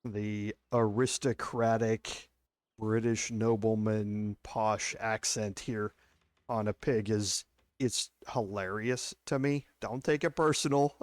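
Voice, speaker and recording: A man's voice: fairly low pitch, steady tone, slow pace, dry recording. A man with a Texas accent giving casual, step-by-step commentary while playing a video game. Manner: chatty, explains step by step. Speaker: gameplay streamer.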